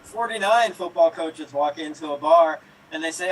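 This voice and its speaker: A man's voice: on the high side, normal speed. A man telling improvised jokes in a rambling, self-correcting way. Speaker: improv player. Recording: distant mic, faint room noise.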